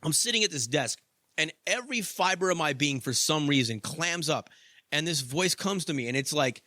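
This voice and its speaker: A man's voice: fairly high pitch, expressive, moderate pace, pushed and bright, no room sound, clean studio sound. A young adult man hosting a podcast, telling a story in a casual monologue, swearing freely and padding with "like" and "you know.". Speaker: podcast host.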